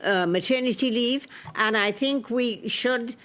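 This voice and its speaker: A woman's voice: a little high, measured pace, a bit bright. A woman chairing a parliamentary committee, keeping time and handling procedure firmly. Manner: procedural, firm.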